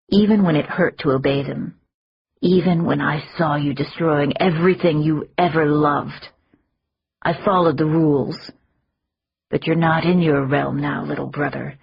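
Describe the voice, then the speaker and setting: A woman's voice: sits low, measured pace, creaky, breathy edge, lo-fi sound, full character voice. A woman reading a soothing, commanding ancient fae woman. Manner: soothing, steady authority.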